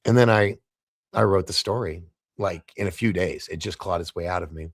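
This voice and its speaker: A man guest on a podcast, telling a story in a casual, animated way, laughing often and stumbling over his words. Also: low-pitched, normal speed, gravelly, no echo, studio quality.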